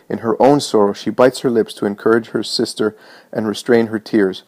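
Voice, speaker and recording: Brief: male reader, low voice, measured pace, religious storybook narration. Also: steady tone, darkish tone.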